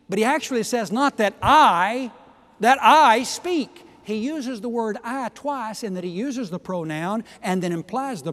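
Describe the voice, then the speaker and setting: A man preaching a sermon, emphatic, swinging from quiet asides to loud exhortations. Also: sits high, long reverb tail. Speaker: pastor.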